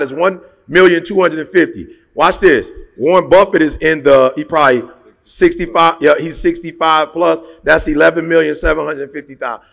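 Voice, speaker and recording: A man's voice: on the high side, gravelly, fairly bright tone, in a large hall. A man giving a motivational talk, emphatic and colloquial, firing off rhetorical questions. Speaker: motivational speaker.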